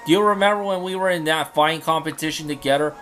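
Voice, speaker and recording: A man's voice: on the high side, fast talker, faint music behind, lightly acted. A man voicing a brash, boastful young male samurai retainer in a fan dub of game dialogue. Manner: loud, boastful, blunt.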